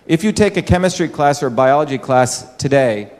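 A man's voice: mid-range voice, expressive, brisk, a little mellow. A man from India, giving a public talk and explaining with rhetorical questions to the audience. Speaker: speaker addressing an audience. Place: large hall with an audience. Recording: echoey hall.

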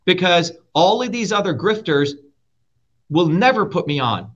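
A man interviewed as a political candidate talks combatively and emphatically, swearing often in heated interview talk. His voice sits high and sing-song at a measured pace, and the sound is muffled and lo-fi.

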